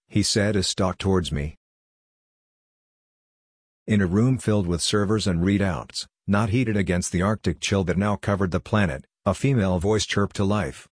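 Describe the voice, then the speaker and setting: Deep-voiced male story narrator. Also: husky, no echo, studio quality. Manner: measured, steady reading. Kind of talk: scripted first-person story narration.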